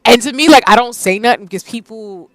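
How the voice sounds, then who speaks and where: Woman streamer, light Southern accent, animated casual chat; dry close sound. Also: a little high, quick pace, no echo, low-quality recording. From Southern United States, Tennessee. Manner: animated, laughs often, lots of "like" fillers.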